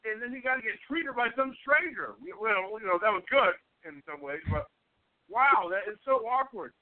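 A man with a high, very lively voice chats casually as a host, often breaking into laughter and exclamations. The sound is thin and phone-like, with a dry, close feel. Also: moderate pace. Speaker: podcast host. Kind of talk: casual chat.

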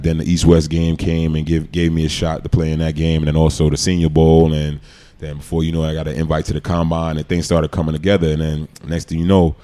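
A man in his forties with a very deep, low voice. He tells stories as a guest in a relaxed interview and slips into the voices of the people he quotes. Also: fast talker. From New York. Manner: animated storyteller who acts out quoted lines. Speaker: guest, former pro football player. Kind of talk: casual podcast storytelling.

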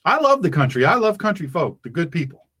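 A middle-aged man hosting a political talk radio show, his voice sitting a little high. He preaches with fervor, jumping up for emphasis and dropping to low, quiet asides. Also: very animated, brisk, slightly rough. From rural United States.

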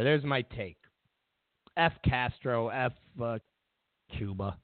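A political talk show host rants through an opinion monologue in a medium-pitched voice with lively intonation, speaking slowly with frequent pauses. He's blunt and profane, mocking his opponents in whiny voices. The audio is tinny and phone-like, with no echo.

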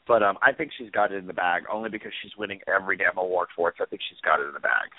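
A man's voice: deep voice, racing, no room sound. A man co-hosting a casual podcast chat, rambling through stories as he goes. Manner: rambling, chatty storyteller. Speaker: podcast co-host. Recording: tinny phone-like line, dry.

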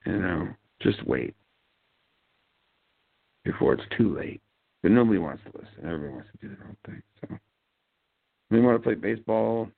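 A man's voice: lowish voice, expressive, moderate pace, vocal fry, pauses often. A man hosting a show, talking in a rambling, sardonic monologue with mumbled asides. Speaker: podcast host. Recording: tinny phone-like line, dry.

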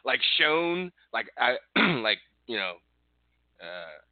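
A man's voice: fairly low pitch, sing-song, slow, no echo. A man from the northeastern US co-hosting a wrestling podcast, rambling casually and laughing often as he tells a story. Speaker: podcast co-host. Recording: dry phone-like line.

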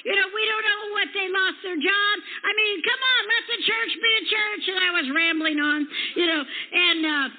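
A woman's voice: very high-pitched, moderate pace, hardly any pauses. A woman preaching a sermon, rambling and emphatic as she acts out conversations in a personal story. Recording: tinny, echoey hall recording.

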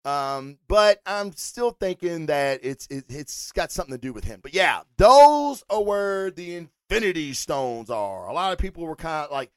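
A man's voice: fairly high pitch, normal speed, hardly any pauses, clear, resonant tone, dry recording, clean studio sound. A man hosting a comic review podcast, rambling casually and swearing often as he talks about books. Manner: rambling, swears a lot, animated. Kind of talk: casual solo review rant.

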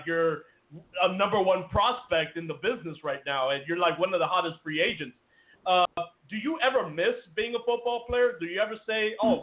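A man co-hosting a podcast, asking questions in a rambling, halting way with frequent laughs. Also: sits high. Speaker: radio show co-host. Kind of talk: podcast interview. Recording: tinny phone-like line.

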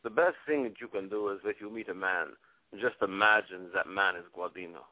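A man with a deep voice, speaking a little fast with no echo and close to an everyday voice, plays a boastful male love expert with a Venezuelan Spanish accent, heard over a tinny phone line. Smug and self-adoring, he brags about himself, referring to himself by name.

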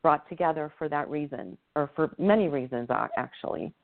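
A woman hosts a faith conversation and responds with consolation, often repeating her words as she begins. Her voice is very low, and the sound is thin and phone-like. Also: a little fast. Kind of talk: casual faith chat. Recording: tinny phone line.

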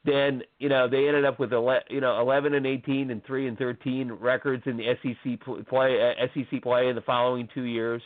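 A man's voice: mid-range voice, flat delivery, fairly quick, few pauses, dry recording. A man talks college basketball in a loose, rambling way, piling up fillers and restarting his sentences. His voice comes through dry and tinny, like a phone line. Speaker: sports blogger. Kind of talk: casual sports podcast chat.

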